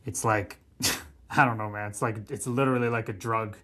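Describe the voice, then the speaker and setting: A man's voice: fairly low pitch, normal speed. A man in his thirties, a former pro hockey player, swearing freely as he tells stories in a casual podcast interview. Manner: profane, animated storytelling.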